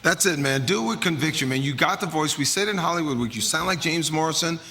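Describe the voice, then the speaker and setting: A man's voice: a little high, fast talker, pushed and bright, a little hiss or hum. A man judging a talent show, laid-back and calling the singer man. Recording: live TV studio, echoey.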